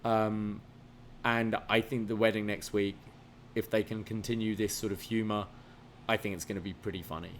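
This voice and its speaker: A man's voice: fairly low pitch, flat delivery, normal speed, slight background noise. A man co-hosting a podcast in casual chat, laying out his opinions in a thoughtful, explaining way. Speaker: podcast co-host.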